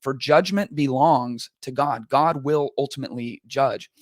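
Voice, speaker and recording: A man who hosts a podcast as a pastor talks casually about the news, loosely and with many fillers. His voice sits at an ordinary middle pitch. The sound is dry and close, with no room around it. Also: measured pace, dry recording. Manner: casual and conversational, many fillers, quotes both sides in mock voices. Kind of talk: podcast commentary monologue.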